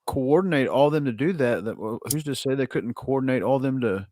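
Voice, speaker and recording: A man joining a casual stream chat, speaking haltingly and restarting his thoughts. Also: mid-range voice, animated, darkish tone, no room sound, clean studio sound.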